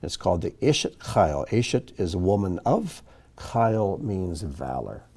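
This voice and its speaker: A man leads a Hebrew reading lesson at an unhurried pace, pausing on each word before he explains it. His low, mellow voice rises and falls a great deal as he teaches with patience. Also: big pitch swings, creaky. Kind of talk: reading lesson, slow careful pronunciation.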